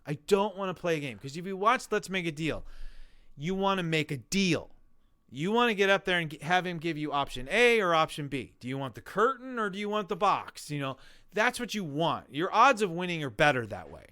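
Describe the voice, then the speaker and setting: A man telling his own story in a casual interview, animated and acting out the voices of people he quotes. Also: a little high, brisk. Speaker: guest telling his weight-loss story.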